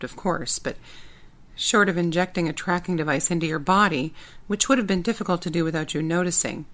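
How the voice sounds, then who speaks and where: A woman's voice: lowish voice, fairly bright tone, lightly acted. A woman reading an audiobook, voicing a female spy friend who speaks patiently and soothingly. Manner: patient, soothing, matter-of-fact. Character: calm, worried female spy and loyal friend.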